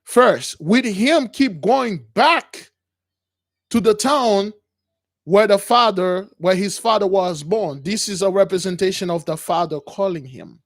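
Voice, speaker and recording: A man's voice: high-pitched, measured pace, dry recording, studio quality. A man hosting a call-in show, preaching emphatically and often calling listeners brothers. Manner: emphatic, repetitive, keeps addressing listeners as brothers. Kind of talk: preaching to callers.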